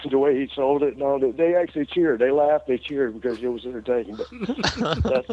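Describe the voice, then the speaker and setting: A middle-aged man with a twang tells a backstage story in a loose, rambling way, laughing as he goes and restarting his sentences. His voice sits at an everyday pitch, and the audio sounds dull and lo-fi, like an old radio show. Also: lively intonation, brisk, background noise. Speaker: interview guest, former wrestler. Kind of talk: casual storytelling.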